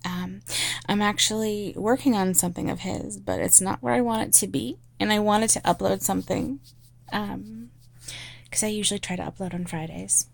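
A woman's voice: mid-range voice, steady tone, normal speed, creaky. A woman creator chatting casually to her audience, hesitant, with many fillers and laughs. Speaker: audio creator. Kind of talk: casual chat.

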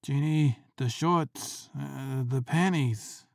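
A woman voicing a drunk, demanding man, low and slurred with a commanding tone. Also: takes it slowly, vocal fry, darkish tone, no echo, studio quality, full character voice.

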